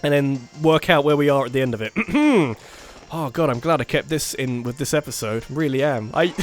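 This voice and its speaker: A man giving casual commentary over his own gameplay, muttering through his plans and then breaking into loud, laughing bursts. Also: mid-range voice, normal speed, faint music behind. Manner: excitable, jumps between muttered strategy and loud bursts, laughs often. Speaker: let's play gamer.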